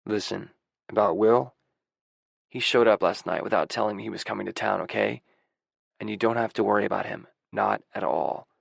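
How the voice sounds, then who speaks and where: A man doing a deep-voiced awkward carpenter. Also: moderate pace, gravelly, breathy edge, no room sound, studio quality, heavily acted. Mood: earnest.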